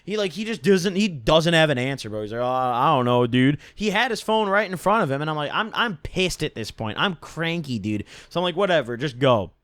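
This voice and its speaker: A man's voice: fairly high pitch, big pitch swings, fairly quick, hardly any pauses, a bit bright, dry recording, studio quality. A young man casually telling a rambling, profane story from his own life and tagging his sentences with "right?". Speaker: storytime vlogger.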